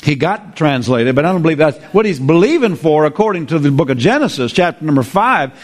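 A man preaching a sermon, lively, repeating his phrases and drawing responses from the congregation. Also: a little high, fairly quick.

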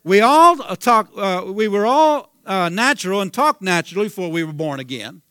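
A man's voice: sits high, expressive, normal speed, sharp tone, clean tone, no room sound, clean studio sound. A man preaching a sermon with a Southern US accent, fervent and repetitive, calling out hallelujah. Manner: fervent, repeats himself, calls out hallelujah.

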